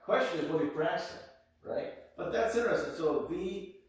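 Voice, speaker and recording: Brief: male PE teacher, upbeat and preachy, slightly high voice, recorded from afar in a booming gym. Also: expressive, brisk. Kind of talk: addressing students in a video. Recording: echoey gym, distant mic.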